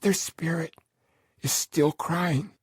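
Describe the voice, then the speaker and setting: A woman voicing an elderly Lakota man in an audiobook, a grave elder giving slow, insistent instructions. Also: low voice, a little mellow, breathy edge, dry recording, studio quality, heavily acted. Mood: solemn, commanding. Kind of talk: audiobook character voice.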